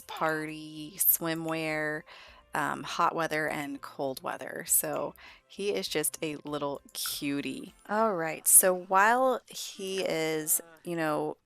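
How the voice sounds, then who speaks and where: A woman's voice: low voice, a bit bright. A woman casually narrating a life-sim game, chatty with amused asides to the characters on screen. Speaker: gameplay narrator. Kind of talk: casual let's-play narration.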